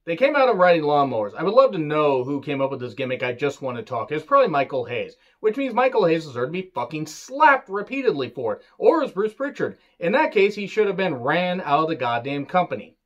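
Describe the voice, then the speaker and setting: Guy ranting and swearing in a casual review, sarcastic, gets loud in bursts, kinda muffled lo-fi sound. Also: on the high side. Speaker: wrestling reviewer.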